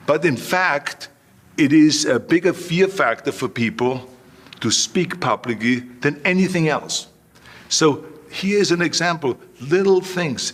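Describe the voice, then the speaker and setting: An older man as an interview guest, telling animated anecdotes and acting out the lines of the people he quotes. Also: fairly high pitch. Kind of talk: storytelling in an interview.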